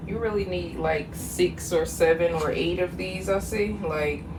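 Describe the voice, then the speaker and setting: A woman's voice: fairly low pitch, unhurried. A young woman chatting casually in her home kitchen as a mom vlogger. She laughs often and gets teary and sentimental as she talks. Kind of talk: casual kitchen vlog chat. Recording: noisy home recording.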